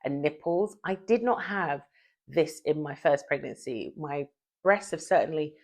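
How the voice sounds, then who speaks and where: Low-voiced woman, short of breath. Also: animated, unhurried. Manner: chatty and confiding, laughs often. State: often out of breath. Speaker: vlogger. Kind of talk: casual chat to camera. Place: at home.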